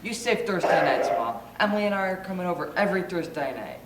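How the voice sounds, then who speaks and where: A man's voice: high-pitched, animated. A young man in a school play, acting a nervous groom who pleads with his mother. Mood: reassuring. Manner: hurried, anxious stage delivery. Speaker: student actor in a school play. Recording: distant stage voice, echoey hall, noisy.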